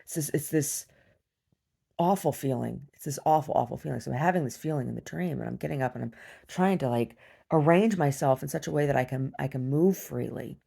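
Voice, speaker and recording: A woman recounting a disturbing dream in a personal video diary, talking haltingly with many restarts. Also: extremely low pitch, creaky, mellow, breathy edge. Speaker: survivor sharing a personal story.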